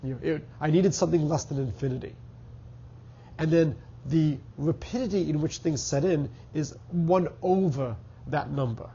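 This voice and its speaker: A man's voice: fairly high pitch, moderate pace, mellow, dull audio, a little hiss or hum. A middle-aged man with a Boston accent and a stuffy, congested voice, giving a university math lecture and thinking aloud with fillers and restarts. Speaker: math professor. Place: lecture hall.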